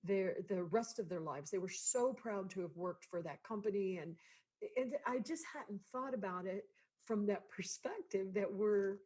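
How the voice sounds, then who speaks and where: A woman's voice: mid-range voice, normal speed, a little mellow, husky. A woman hosting an interview show, chatty and laughing easily. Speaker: podcast host. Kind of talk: casual interview chat.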